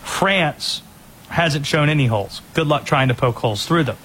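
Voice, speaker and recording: A man hosting a sports talk show, giving energetic, opinionated rundowns of players and teams. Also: fairly high pitch, normal speed, a little hiss or hum.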